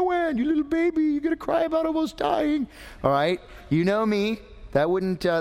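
Man preaching a sermon in a reverberant hall. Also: a little high. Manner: conversational, joking asides to the congregation.

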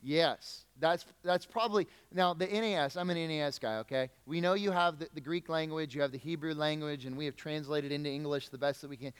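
Pastor, male, conversational preacher; smooth, clear voice in a reverberant church. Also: a little high, brisk, hardly any pauses. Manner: conversational preaching, asks the congregation questions. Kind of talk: sermon. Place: church sanctuary.

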